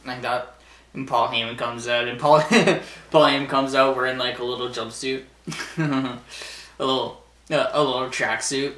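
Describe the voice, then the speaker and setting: A man's voice: medium pitch, fairly even intonation, moderate pace, sharp tone. A young man casually recapping a wrestling show, rambling, laughing often and acting out the wrestlers' lines. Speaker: wrestling vlogger. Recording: echoey room.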